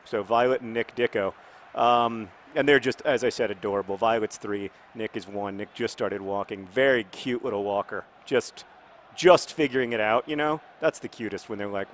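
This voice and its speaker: A man casually commenting on his football video game in a rambling, jokey way, breaking into excited shouts. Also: fairly low pitch, moderate pace, slight background noise. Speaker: gaming video host.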